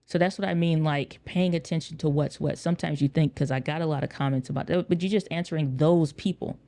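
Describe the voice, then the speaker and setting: Fast-talking with vocal fry and a dark tone, this podcast host has a slightly high voice and fairly even intonation. Alone on the mic, he chats earnestly and casually, repeating phrases to underline them.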